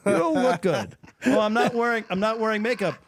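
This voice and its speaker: A man voicing a blunt, stern older male martial-arts instructor who barks orders in clipped broken English, higher than his own voice. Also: takes it slowly, no room sound. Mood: bossy.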